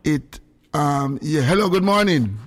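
A man hosts a casual radio chat, telling animated stories in patois. His voice sits a little higher than most men's and leaps up in bursts of excitement. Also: measured pace. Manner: animated storytelling with sudden high-pitched outbursts. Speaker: radio host.

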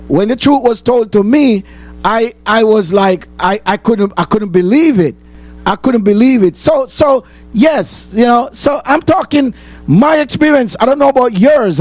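A man's voice: sits high, a little mellow. A man hosting a call-in talk show, rambling and repeating himself for emphasis.

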